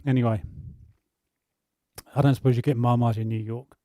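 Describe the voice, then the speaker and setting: Mellow English host, teasing chat. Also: male voice, mid-range voice, flat delivery, moderate pace, no echo, clean studio sound. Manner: teasing, laughs easily. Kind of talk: casual live-stream chat.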